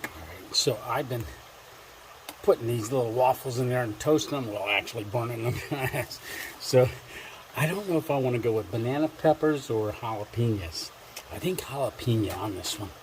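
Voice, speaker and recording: A man vlogging while cooking at an outdoor camp, chatty and quick to laugh, sometimes dropping to a hushed voice. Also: mid-range voice. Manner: chatty, laughs often, talks quietly at times. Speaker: camping vlogger. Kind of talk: casual cooking narration. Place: outdoors under a covered bridge. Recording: noisy outdoor camp recording.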